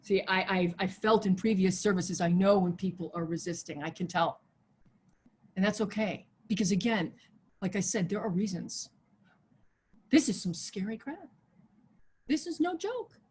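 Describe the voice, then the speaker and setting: A woman pastor preaching a sermon over a video call, swinging from loud, soaring exhortation to a hushed prayer voice. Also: medium pitch, normal speed, a little hiss or hum. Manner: impassioned, rises loud then drops to hushed prayer. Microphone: video call mic.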